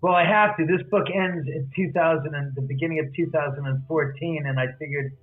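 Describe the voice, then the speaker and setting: A man's voice: on the high side, steady tone, a little fast, soft background music. A man, a guest author, animatedly telling a story and acting out the other person's lines. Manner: acts out quoted dialogue. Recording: tinny phone-line audio.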